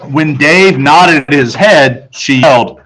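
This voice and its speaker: A man, a teacher, narrating a children's novel aloud in a steady storytelling voice that picks up speed in tense moments. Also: on the high side, slow pace, rough recording.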